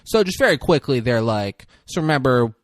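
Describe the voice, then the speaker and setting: A man on a podcast retelling a film scene by scene, his pitch leaping up whenever he gets worked up. He is close on a dry studio mic and keeps switching into quick voices for the characters. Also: no echo. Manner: animated retelling with quick voice shifts. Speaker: podcast co-host. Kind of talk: casual movie recap chat.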